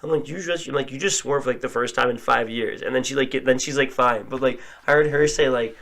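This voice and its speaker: A man's voice: medium pitch, fast talker, vocal fry, fairly bright tone. Laughing young man telling stories. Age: young adult. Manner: laughing storyteller, acts out quotes. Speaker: podcast guest. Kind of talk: casual chat.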